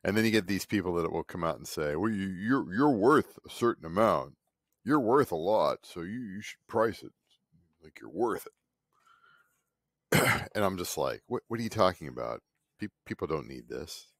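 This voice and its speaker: Fifties male artist, low voice, lively swings, sarcastic ramble; dry, close sound. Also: normal speed, dry recording. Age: 50s. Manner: cranky, sarcastic, mocking others in put-on voices. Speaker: artist vlogger. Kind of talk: casual rambling monologue. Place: home studio.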